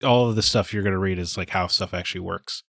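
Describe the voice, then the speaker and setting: A man co-hosting a casual podcast, dropping in short reactions and quick remarks. He talks fast in a fairly low voice, and the recording is dry and close. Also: fairly even intonation, gravelly, fairly bright tone, dry recording. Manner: brief, quick reactions and interjections. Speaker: podcast co-host. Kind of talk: casual chat.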